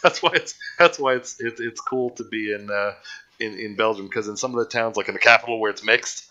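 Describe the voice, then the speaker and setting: A man's voice: on the low side, a little fast, bright, forceful tone, dull audio. A man hosting a live online show in casual chat, rambling and joking at his own expense. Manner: rambling, jokey, self-mocking. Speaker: livestream show host.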